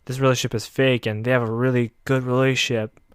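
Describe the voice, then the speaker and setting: Sarcastic young man, smooth dry voice. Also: medium pitch, little pitch movement, fast talker, dry recording. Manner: sarcastic, mocking asides. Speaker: anime recap narrator. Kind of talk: casual comedic recap with profanity.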